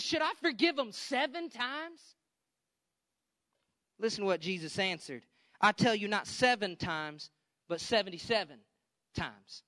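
A man's voice: high-pitched, sharp tone, dry recording. A man preaching a sermon, with frequent emphatic calls to his congregation. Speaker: pastor.

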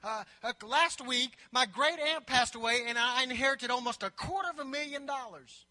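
A man's voice: extremely high pitch, moderate pace, pushed and bright, heavily acted. A man voicing a downcast friend in a joke story told in a sermon, mournful and complaining. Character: downcast man grumbling about lost windfalls. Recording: long reverb of a large hall.

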